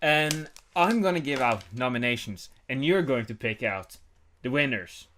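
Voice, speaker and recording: A man's voice: mid-range voice, animated, moderate pace, fairly bright tone, slight background noise. A young man hosting a casual podcast, chatting and teasing his co-host in loose banter. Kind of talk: casual chat.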